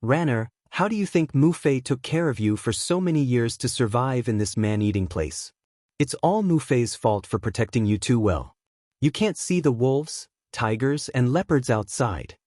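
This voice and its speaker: A man's voice: mid-range voice, lively intonation, normal speed, a little mellow, no echo, clean studio sound, close to an everyday voice. A man voicing a proud, imperious imperial consort, a middle-aged mother who scolds in a haughty way. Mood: pleading.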